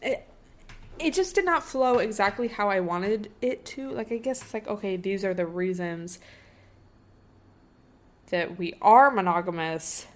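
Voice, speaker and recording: Young woman chatting on her podcast, rambly, lots of likes and ums, mid pitch. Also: a little slow, pauses often. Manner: rambling, filler-heavy, thinking aloud. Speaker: podcast host. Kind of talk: casual solo podcast commentary.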